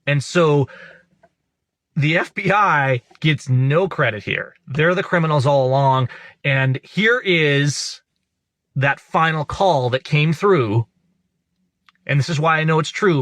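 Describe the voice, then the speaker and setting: A man's voice: fairly high pitch, a bit bright, dry recording. A man hosting an online show, giving emphatic, indignant political commentary to his viewers.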